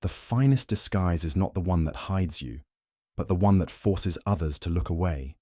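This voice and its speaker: Man reads a cool, cutting detective, precise and clipped, low dry voice. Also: moderate pace, warm tone, dry recording. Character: cool, sharp-witted male detective.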